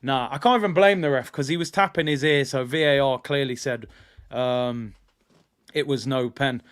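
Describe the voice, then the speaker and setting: A young man hosts a football watch-along, giving casual live match commentary in a smooth, mid-range voice at a moderate pace. He talks animatedly and repeats himself as he argues his point.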